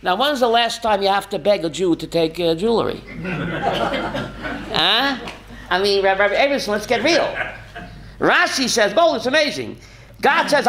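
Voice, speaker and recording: A man, a rabbi teaching a lively Torah class, asking rhetorical questions and calling on students by name, often chuckling. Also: high voice, moderate pace, slight background noise.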